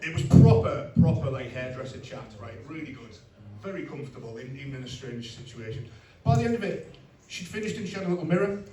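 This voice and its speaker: A man's voice: medium pitch, expressive, quick pace, few pauses, noisy background. A middle-aged man doing a stand-up comedy set, blunt and self-mocking, with asides to the crowd. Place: comedy club stage with live audience. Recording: roomy club sound from a distance, crowd laughter.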